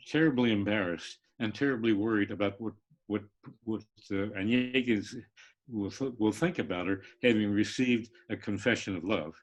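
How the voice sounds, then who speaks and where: On an online live stream, an older literature professor leads a lecture-style discussion in a husky, fairly low male voice. He speaks haltingly with many fillers and restarts, occasionally singing out rhythms.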